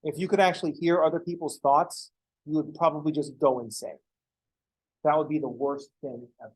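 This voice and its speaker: A man's voice: on the high side, fairly even intonation, a little fast, breathy edge, poor audio. A man teaching a math class, lecturing casually and going off on joking, rambling asides to his students in a classroom. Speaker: math professor.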